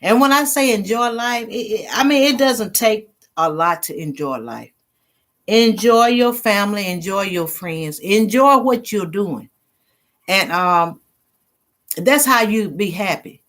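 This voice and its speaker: A woman's voice: medium pitch, lively intonation, a little slow, fairly bright tone. Middle-aged woman with a drawl, hosting a loose, chatty livestream for her viewers. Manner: chatty, laughs easily, reads comments aloud. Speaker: livestream host. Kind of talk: casual live chat with viewers.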